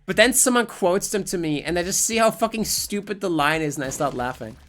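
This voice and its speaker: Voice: mid-range voice, expressive, a little fast, fairly bright tone, a little hiss or hum. A Twitch streamer giving casual live gameplay commentary, rambling and joking with plenty of swearing.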